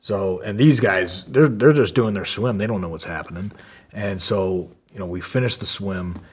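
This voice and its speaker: A man's voice: low-pitched, moderate pace, husky. A man telling a story from his past in a casual way, full of fillers and swearing, acting out the quotes. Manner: profane, lots of fillers, acts out quotes. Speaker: podcast guest.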